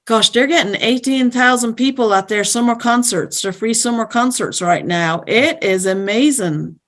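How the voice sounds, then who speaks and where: A woman's voice: a little high, normal speed, fairly bright tone. Woman, irish accent, podcast guest, upbeat, emphatic, casual chat. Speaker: guest realtor.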